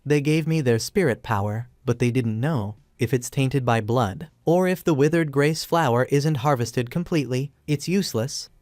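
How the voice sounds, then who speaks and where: A man reading the lines of a proud, grieving young woman squad leader in a flat, even way in a comic recap. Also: medium pitch, moderate pace, few pauses, no echo, clean studio sound, lightly acted. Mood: desperate.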